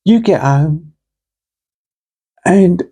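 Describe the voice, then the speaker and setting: A woman's voice: lowish voice, expressive, extremely slow, dark tone, husky. A woman, telling a playful story in a rambling, casual monologue. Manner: chatty, playful storyteller acting out both sides. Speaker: vlogger.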